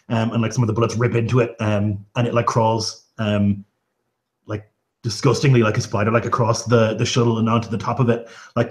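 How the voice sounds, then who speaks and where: A man with a slightly low voice runs a tabletop game. He narrates the action loosely, stringing it together with fillers. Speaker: game master.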